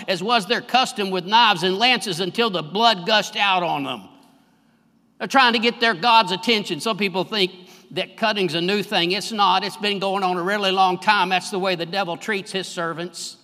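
A high-pitched man, preaching a fervent sermon to his church. His voice is bright and penetrating. It rings with the long reverb of a large sanctuary, and it climbs in force on the key lines. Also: moderate pace. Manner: fervent preaching, swelling louder on key phrases. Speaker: pastor.

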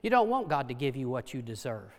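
A man preaching a sermon with passion, dropping to hushed low tones for emphasis. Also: sing-song, fast talker. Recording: long hall reverb.

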